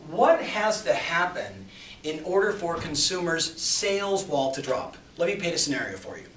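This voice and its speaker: An energetic man with a slightly high voice delivers a punchy sales coaching talk, swinging from loud bursts to quiet asides. He is recorded in an echoey room from a little way off the mic, with a faint hiss underneath. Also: recorded from a distance. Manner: energetic and emphatic, with big swings in loudness.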